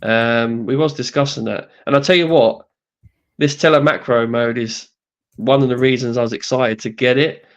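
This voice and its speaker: A man talking as a guest in casual chat, relaxed and hesitant, pausing often with ums. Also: medium pitch. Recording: dull lo-fi audio.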